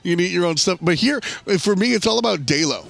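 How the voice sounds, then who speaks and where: A man's voice: high voice, animated, quick pace, creaky, a bit bright, a little hiss or hum. A man casting live esports, breaking down picks and items in an analytical, chatty way with frequent restarts. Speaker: esports caster.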